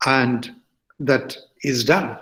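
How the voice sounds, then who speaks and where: An older man from India with an Indian English accent, giving a lecture-style talk with halting phrasing, many fillers and self-corrections. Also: mid-range voice, a bit bright, poor audio. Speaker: guest speaker.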